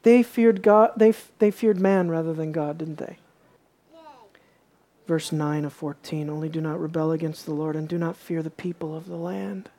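A woman's voice: low voice, moderate pace, warm tone. A woman preaching a sermon, reading scripture aloud with emphasis and asking her listeners questions.

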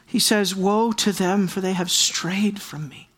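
Slow, emphatic preacher. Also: medium pitch, steady tone, fairly bright tone. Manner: emphatic preaching, repeats key words for stress; addresses the congregation directly. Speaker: pastor. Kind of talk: sermon.

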